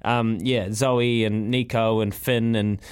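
A man's voice: on the low side, little pitch movement, slow pace, smooth. A man with a New Zealand accent hosting breakfast radio, talking in an enthusiastic, rambling way with many restarts. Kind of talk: casual radio chat.

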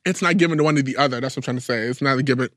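A man's voice: mid-range voice, very fast, a bit bright, no echo, studio quality. A man co-hosting a podcast in casual chat, telling stories bluntly with plenty of profanity. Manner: blunt, profane, fired-up storytelling. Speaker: podcast co-host.

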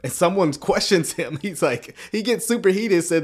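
A man's voice: sits high, lively intonation, moderate pace, hardly any pauses, slightly rough. A man hosting a casual video commentary, talking with lots of fillers, laughs and sarcastic asides. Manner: chuckling, sarcastic, full of fillers. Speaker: commentary host.

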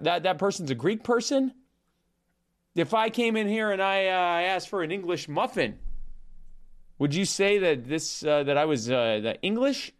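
A man putting on a low, deadpan, halting comedian voice to tell a rambling joke about being teased. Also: natural voice. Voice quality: deadpan, drawling, halting with restarts. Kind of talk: comedian impression bit.

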